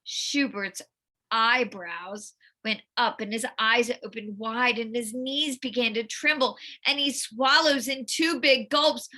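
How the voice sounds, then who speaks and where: Slow, bright-voiced woman reading a children's story. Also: fairly high pitch. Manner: expressive, with sound effects and questions to children. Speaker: teacher. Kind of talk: storybook read-aloud for children.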